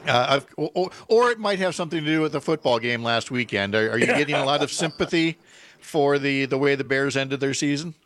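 A man's voice: mid-range voice, fairly quick, fairly bright tone. Joking man hosting a radio chat. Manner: joking, stumbling restarts. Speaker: radio host. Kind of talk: casual radio interview.

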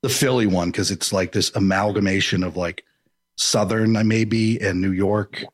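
A man's voice: fairly low pitch, fairly even intonation, moderate pace. A man hosting a casual chat, rambling and jokey, who slips into impressions.

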